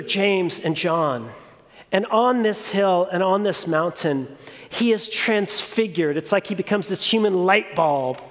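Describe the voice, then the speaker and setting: High-voiced man preaching slowly in a hall. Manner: deliberate, emphatic, with repeated phrases. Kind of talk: sermon. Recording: long reverb of a large hall.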